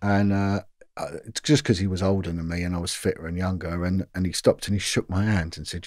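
A man's voice: sits low, a little fast, dry recording, clean studio sound. A middle-aged man, a former detective telling long anecdotes in an interview, full of fillers and restarts. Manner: animated anecdotes with many fillers and repeats. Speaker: former police detective, guest. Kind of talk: storytelling interview.

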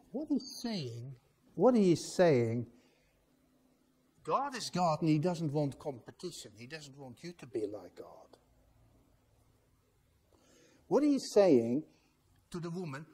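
A man delivers a church sermon, slow and deliberate, his fairly high voice rising and falling widely. The tone is mellow and dark, and he presses his points with rhetorical questions to the congregation. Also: big pitch swings, husky. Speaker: pastor.

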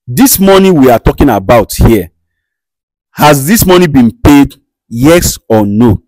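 A man with a Nigerian accent acting as a show host who calmly mediates a dispute and questions firmly. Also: mid-range voice, a little slow, no room sound. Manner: soothing, repeats "calm down", firm questioning. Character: male show host, calm and commanding mediator. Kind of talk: comedy skit acting.

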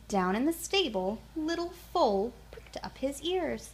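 A woman reading a children's picture book aloud in a gentle, calm bedtime manner. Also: a little high, measured pace, few pauses. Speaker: storyteller.

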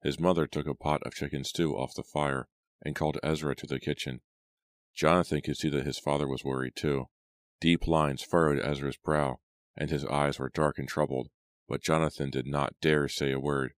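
एक आदमी, बहुत गहरी आवाज़ में ऑडियोबुक सुनाता हुआ, सूखी, बिना गूँज की रिकॉर्डिंग।. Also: male voice, very deep voice, dry recording. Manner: steady, measured storytelling. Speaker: audiobook narrator. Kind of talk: scripted narration.

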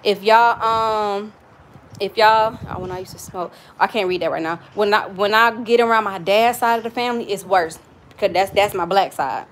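A woman's voice: mid-range voice, normal speed, slight background noise. A young adult woman with a Southern US accent, chatting casually and frankly while cooking in her home kitchen, telling stories and swearing freely. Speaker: cooking vlogger.

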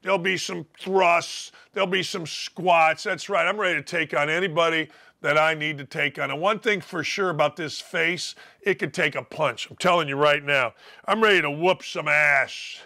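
Brash, bright-voiced male sports host. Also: fairly high pitch, moderate pace, vocal fry. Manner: brash, combative, mocking. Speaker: sports talk show host. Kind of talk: opinionated sports talk monologue.

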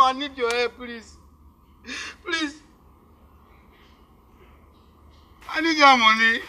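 A man's voice: pushed and bright, heavily acted. A desperate, pleading young village man with a Pidgin accent. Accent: Nigerian Pidgin. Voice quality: high, pleading, insistent. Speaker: Tio, a young man from Gboko. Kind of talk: Nollywood film acting.

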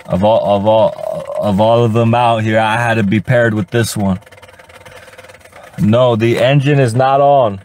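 A young man ranting on a livestream, profane and rambling, stuttering and repeating himself, sometimes breaking into high-pitched shouts. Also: steady tone, a little slow. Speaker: livestream host. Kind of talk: casual livestream rant.

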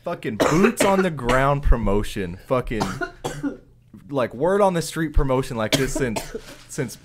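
A man's voice: mid-range voice, sing-song, measured pace, noisy background. A man co-hosting a podcast, chatting casually with emphatic, profane enthusiasm. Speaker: podcast co-host. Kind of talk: casual chat.

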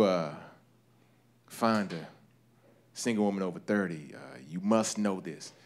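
A man doing a stand-up comedy routine on stage, talking in an animated way and jumping into high-pitched voices to act out people. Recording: live show with audience laughter. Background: audience laughter.

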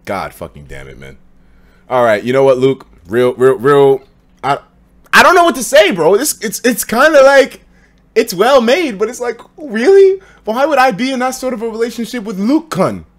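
A tipsy young man chats on a live stream from home, swearing freely and bouncing between shouts and mumbles. His pitch sits a bit high for a man and swoops around a lot as he talks. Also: moderate pace. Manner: loose, profane and excitable, swinging between loud outbursts and low mumbles. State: tipsy after drinking. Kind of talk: casual live-stream chat. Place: home apartment.

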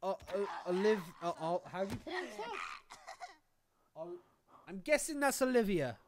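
A man giving excitable live gameplay commentary, swearing and laughing often. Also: high-pitched, normal speed. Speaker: game streamer.

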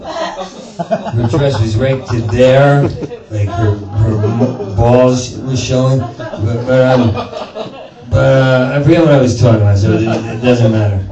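In a small performance space before a live audience, a stand-up comedian delivers a rambling, profane set, interrupting himself and stammering through restarts. His voice is mid-range and creaky, and the audio is dull. A distant mic picks up roomy live sound along with crowd laughter.

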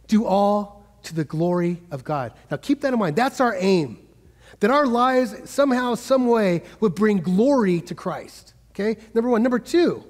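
A man's voice: high voice, a little mellow, big-room sound. A man giving a sermon as a guest preacher, talking to the congregation in a conversational way and asking them questions. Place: church sanctuary.

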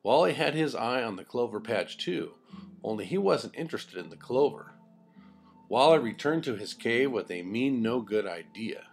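An older man narrating a children's storybook in an expressive, folksy way. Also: mid-range voice, normal speed, vocal fry, faint music behind.

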